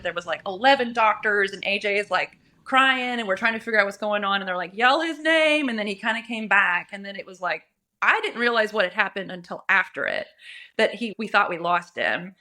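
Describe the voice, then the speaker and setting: A woman's voice: mid-range voice, fast. A young woman guest in a casual chat, telling a story candidly and acting out what others said. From Nebraska. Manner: candid, animated, acts out quoted voices. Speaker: podcast guest.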